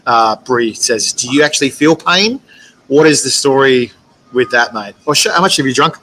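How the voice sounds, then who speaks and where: Lively, bright man hosting. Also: mid-range voice, normal speed, slight background noise, poor audio. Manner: animated and chummy, laughs often. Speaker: host. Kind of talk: casual interview chat.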